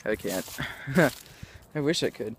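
A man's voice: medium pitch, lively intonation, slow, a little hiss or hum. A young man rambling through a casual vlog outdoors, scattered and self-mocking, losing his train of thought and laughing often into a camera mic. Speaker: vlogger. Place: outdoors in sunlight.

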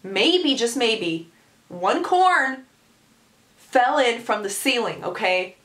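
A woman in her twenties telling a story on her vlog in an animated, sarcastic way. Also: a little high, slow pace. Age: 20s. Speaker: vlogger. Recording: echoey room sound.

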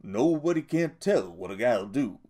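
A man's voice: medium pitch, very animated, normal speed, warm tone. A man voicing a lonely, bitter older stable hand who drawls in stammered rural speech. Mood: taunting.

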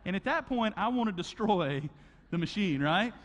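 A pastor preaches in a lively, conversational way, acting out little stories with sound effects and swinging his voice up and down. His voice sits a bit higher than most men's. The long reverb of a large hall trails each phrase. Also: normal speed, a little hiss or hum. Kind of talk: sermon. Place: church auditorium.

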